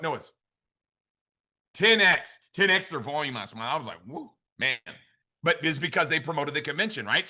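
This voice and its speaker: A man giving an energetic motivational training on a call, full of repetition and rhetorical questions. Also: a little high. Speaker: network marketing director giving a training.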